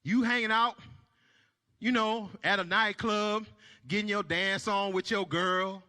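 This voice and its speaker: A man performing a stand-up comedy set, shouting his punchlines and dropping to low mumbled asides. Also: fairly even intonation, unhurried, clear, resonant tone. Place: church stage before a live audience. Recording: long hall reverb.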